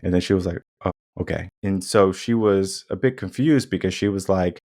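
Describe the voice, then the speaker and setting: A man's voice: sits low, a little fast, darkish tone. A young adult man hosting a podcast, talking in an emphatic, repetitive way and acting out quotes in changing tones. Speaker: podcast host. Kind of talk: casual monologue.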